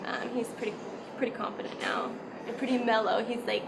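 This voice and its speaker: A woman's voice: a little high, flat delivery, fairly quick, gravelly, heavy background noise. A woman working at a cat hotel, speaking hesitantly in a mockumentary interview with many "um"s.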